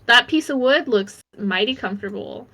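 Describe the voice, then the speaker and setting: A woman's voice: fairly high pitch, expressive, moderate pace, sharp tone, muffled recording. A woman playing a tabletop game, joking around playfully with the table. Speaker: player. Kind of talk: casual tabletop play.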